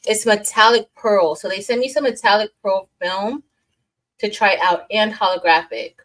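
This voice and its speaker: A woman's voice: mid-range voice, unhurried, fairly bright tone, poor audio. A young woman hosting a casual craft livestream, chatting loosely, trailing off and restarting sentences as she greets viewers by name.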